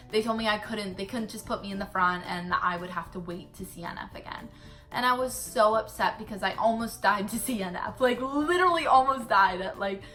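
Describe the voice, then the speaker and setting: A young woman vlogger, casually retelling a story with lots of "like" fillers. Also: mid-range voice. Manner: chatty, animated retelling full of "like" fillers.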